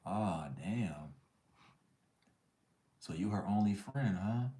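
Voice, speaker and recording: Deep-voiced man ranting to live chat. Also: animated, slow, warm tone, roomy sound. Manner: blunt, slangy, preachy. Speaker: livestream host.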